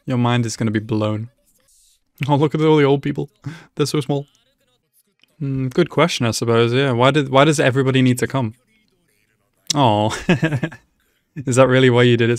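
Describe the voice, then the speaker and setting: A man's voice: mid-range voice, no echo, studio quality. Laughing man reacting casually. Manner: laughs often, excitable exclamations and asides to the screen. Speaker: anime reaction channel host. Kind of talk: casual live reaction commentary.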